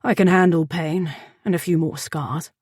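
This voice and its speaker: A woman putting on a rough-edged barbarian man, lowering her voice to a gruff murmur. He speaks tenderly and earnestly, with a dry close-up sound and little room around him. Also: steady tone, normal speed, a little mellow, no echo.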